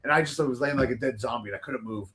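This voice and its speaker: A man telling casual, animated stories as a talk show guest, rambling with lots of fillers and restarts. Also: mid-range voice, quick pace.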